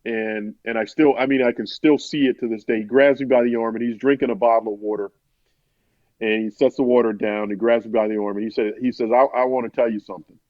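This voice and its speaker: A man's voice: medium pitch, steady tone, fast, no room sound. A man, a sportswriter, telling an interview story in a rambling conversational way, often restarting and quoting others. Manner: rambling, many restarts, quotes others in his own voice. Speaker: sportswriter guest. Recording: dull, dry podcast audio.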